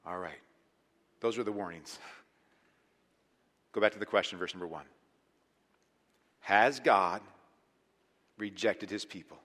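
A man preaching a sermon as pastor, animated and emphatic, dropping to hushed lines and rising to loud ones. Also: low-pitched, unhurried, pauses often. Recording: long hall reverb.

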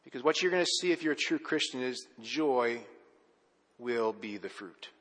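A man preaching a sermon as pastor, telling stories with animation and then dropping to a soft, earnest hush. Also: medium pitch, lively intonation, moderate pace, long reverb tail.

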